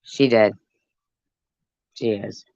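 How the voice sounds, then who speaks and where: A woman's voice: extremely low pitch, fairly even intonation, very slow, a little mellow, dry recording. A woman livestreaming a heated, profane rant, snapping back at people in her chat. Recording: dull lo-fi stream audio.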